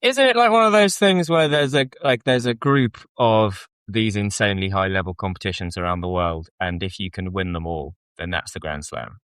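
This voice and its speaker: Low-voiced male co-host, unsure and joking. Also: normal speed, hardly any pauses, fairly bright tone, clean tone, no echo. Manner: self-deprecating, unsure guessing. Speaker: podcast co-host. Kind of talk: casual podcast chat.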